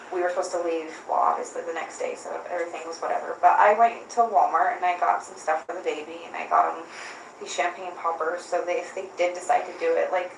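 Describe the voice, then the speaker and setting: Woman retelling events with a gravelly edge. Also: lowish voice. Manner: retells text exchanges, quoting with "I was like". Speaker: witness questioned by authorities. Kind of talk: recounting events in an interview. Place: interview room. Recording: echoey room, voice from far off, faint hiss.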